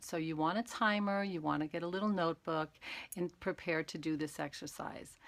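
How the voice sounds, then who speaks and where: A woman teaching mindfulness on a live stream, calmly talking listeners through breathing exercises step by step. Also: fairly low pitch, vocal fry. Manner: calm, gentle, talks exercises through step by step. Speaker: meditation and awareness teacher.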